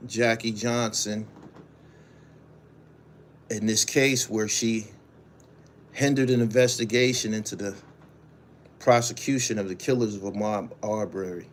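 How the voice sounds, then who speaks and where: A man's voice: fairly low pitch, a little hiss or hum. A man hosting his own show, reading news stories aloud and then giving casual, profane commentary while answering viewers' chat. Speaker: show host.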